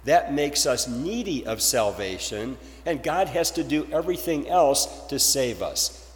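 A man's voice: mid-range voice, expressive, measured pace, big-room sound. A male pastor delivering a sermon, posing rhetorical questions to his congregation.

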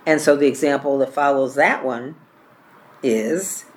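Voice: medium pitch, a little slow. A trainer teaching a caregiving class from a course book, reading examples aloud and often repeating or correcting their own words.

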